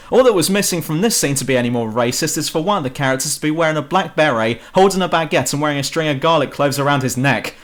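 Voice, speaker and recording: A man's voice: fairly high pitch, fairly bright tone. A young British man giving a sarcastic, swear-laden game review voice-over on a home mic. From Britain. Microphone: home computer mic.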